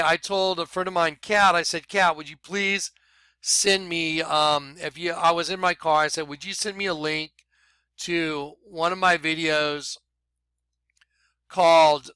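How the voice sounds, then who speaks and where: A man vlogging excited commentary over videos he plays, talking emphatically and apologizing for rushing ahead. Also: a little high, clean tone, no echo. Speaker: video blogger.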